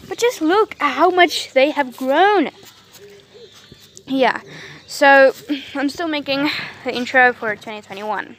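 A woman's voice: sits high, takes it slowly, pauses often, a bit bright. A woman from Africa, vlogging in a casual, rambling way outdoors in a garden and cooing at her dogs. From South Africa. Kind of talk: casual vlog chat.

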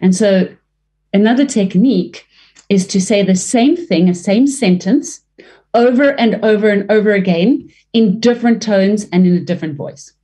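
A woman working as a leadership trainer and voice coach, giving expressive interview answers with some restarts and fillers. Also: moderate pace. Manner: expressive, varies pitch and pace to demonstrate; fluent with frequent restarts.

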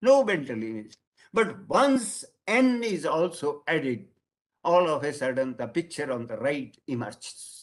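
Indian guy lecturing, bit high voice, leans hard on key words, keeps saying friends. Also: sing-song. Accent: Indian English. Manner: addresses audience as "friends", stresses key words slowly.

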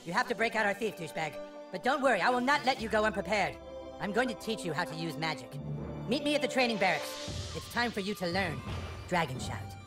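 A pompous little boy playing grand wizard in a video game. He is crude and bossy, and his high voice leaps all over the place. Game music plays behind him. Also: lively intonation, fairly quick. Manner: bratty, commanding, crude.

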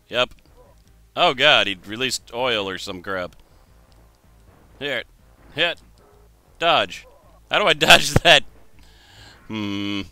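Wry young man with a bright voice. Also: lowish voice. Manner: wry, thinks aloud, jokes at himself. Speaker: let's play host. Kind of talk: gameplay commentary.

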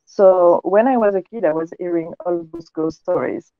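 A woman's voice: on the low side, moderate pace, dry recording. A woman from France with a French accent, a guest telling her story with many hesitant fillers. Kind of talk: casual interview. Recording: tinny phone-like call audio.

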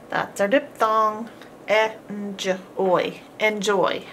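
A woman's voice: medium pitch, fairly even intonation, takes it slowly, a bit bright, slight background noise. A woman teaching a homeschool phonics lesson, patiently sounding out each letter and syllable.

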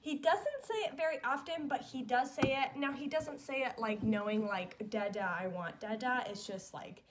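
A woman's voice: on the high side, normal speed, background noise. A young woman vlogging as a mom, chatting fondly and casually with lots of fillers. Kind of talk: casual chat.

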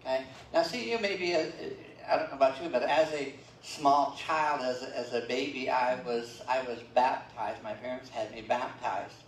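A man's voice: mid-range voice, normal speed, hardly any pauses. Man, older, pastor, chatty sermon, reverberant hall, faint background hiss. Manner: conversational preaching with many fillers and check-ins. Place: church sanctuary. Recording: roomy, distant church livestream.

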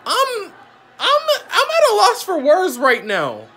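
Girl reacting to wrestling, high voice that jumps all over, slow and bright. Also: wildly swooping pitch. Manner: disbelieving, exasperated, repeats questions. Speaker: reaction video host.

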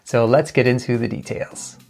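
A man's voice: mid-range voice, fairly even intonation, normal speed, vocal fry, darkish tone. Communication coach man over faint music. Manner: explains with vocal demonstrations. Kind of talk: talking-head lesson.

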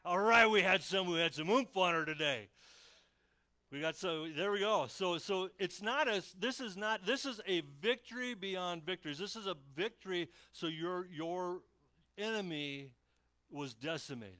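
A man preaching a lively sermon, his voice bright and forceful and sitting a little above the usual male register. He stumbles and restarts often. He drops into little voices to act out stories. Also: high-pitched, normal speed. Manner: animated, acts out Bible scenes in voices; frequent restarts and fillers. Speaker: pastor.

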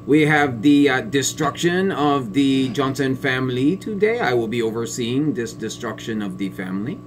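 A man playing a smug, biased female family court judge in a satirical sketch, talking in a pompous, condescending way with drawn-out sneering pauses. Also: medium pitch, expressive, slight background noise, lightly acted. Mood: fawning smug. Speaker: comedic sketch performer.

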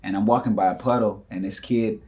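A young man, telling lively stories to the camera and acting out voices and punches. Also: lowish voice, brisk. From United States. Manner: animated, acts out quotes and punches with sound effects. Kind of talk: casual storytelling.

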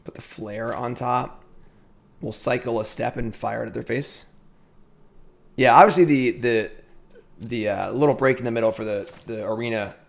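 Telling a rambling story during a streamed card game, a middle-aged man keeps breaking off to comment on his moves in a chatty, self-interrupting style. He speaks at normal speed in a medium-pitched voice with vocal fry and long pauses.

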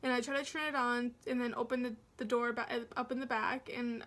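A young woman with a high voice, narrating a storytime for her vlog. She talks in a chatty, rambling way and often restarts her sentences. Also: flat delivery, a little fast, a bit bright. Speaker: vlogger.

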